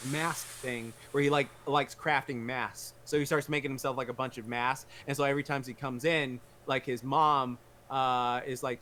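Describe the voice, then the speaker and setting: A man's voice: medium pitch, fairly bright tone. A man on a casual livestream chat, retelling a movie scene by scene in a rambling way, packed with "like" fillers. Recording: faint background noise.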